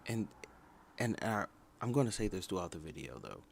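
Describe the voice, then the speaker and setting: A man with a deep, low-pitched voice runs a casual review livestream. He talks bluntly and circles back to hammer the same point. Faint noise sits behind him. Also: sing-song, normal speed, vocal fry. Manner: blunt, repeats points for emphasis. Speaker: livestream host reviewing a TV show.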